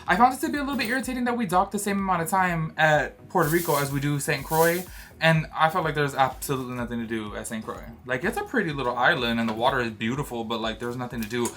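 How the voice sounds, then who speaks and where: A man's voice: on the high side, fast, a bit bright. A man from Georgia, chatting loosely about a cruise in a travel vlog, full of fillers and asides. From Georgia, USA. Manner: chatty and rambling, many fillers. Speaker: vlogger. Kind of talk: casual travel vlog chat. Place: cruise ship cabin.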